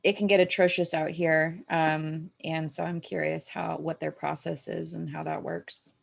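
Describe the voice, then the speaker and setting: A woman's voice: deep voice, flat delivery, normal speed, vocal fry. A woman co-hosting a moms' group update in casual chat, talking with lots of fillers and easy laughter. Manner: chatty, with filler words and frequent laughter.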